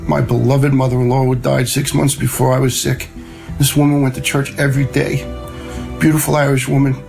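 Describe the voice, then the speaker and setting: A middle-aged man, telling a personal story in a plain, conversational way and quoting others in lively voices. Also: medium pitch, fairly quick, creaky, over music, low-quality recording. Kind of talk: personal story told to a host.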